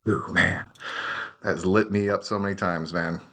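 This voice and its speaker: A man's voice: deep voice, fairly even intonation, moderate pace, fairly bright tone. A man talking casually as a podcast guest, easygoing, tossing in "dude" and "man". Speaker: guest, hot sauce maker. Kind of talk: casual chat.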